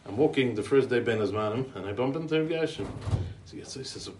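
A man's voice: medium pitch, expressive, brisk, a little hiss or hum. An American man giving a eulogy as a chatty string of anecdotes, in English full of Yiddish and Hebrew yeshiva terms. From United States. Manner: chatty, rambling, with restarts and chuckles. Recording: roomy, distant mic.

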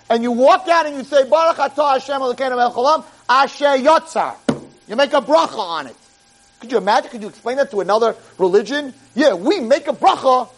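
A man giving an animated sermon to a live audience, acting out voices and swinging between loud exclamations and quiet, tender lines. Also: very high voice, low-quality recording. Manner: expressive, acts out voices, swings from loud exclamations to soft talk. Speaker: rabbi lecturer.

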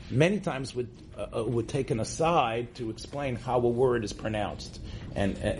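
A man's voice: mid-range voice, darkish tone, a little hiss or hum. A man from the United States, a rabbi teaching a class to a room of listeners, speaking in a loose conversational way and often checking in with "right?". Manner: conversational, tags points with "right?", restarts often. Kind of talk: informal religious lecture. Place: classroom with an audience.

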